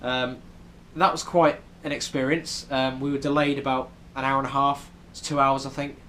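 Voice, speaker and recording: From his hotel room in New York City, a young man with a British accent chats in a meandering travel vlog, ums scattered throughout. His mid-range voice sounds pushed and bright, flat in delivery, at a moderate pace over slight background noise.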